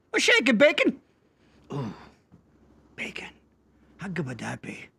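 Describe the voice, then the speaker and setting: Excitable male co-host, high and lively voice, bright tone. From Pennsylvania. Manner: excitable, jokey, rambling. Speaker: podcast co-host. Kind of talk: casual chat show hosting.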